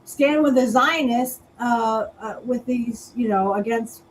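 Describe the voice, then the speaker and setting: A woman's voice: fairly high pitch, takes it slowly, slight background noise, poor audio. A woman co-hosting a casual political chat show, talking bluntly and crudely. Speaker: co-host.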